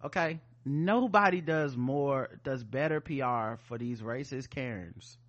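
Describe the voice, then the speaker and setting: A man hosting a podcast, talking casually in an animated, rambling way, full of asides and fillers. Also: mid-range voice, unhurried, lo-fi sound. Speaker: podcast host. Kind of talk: casual chat.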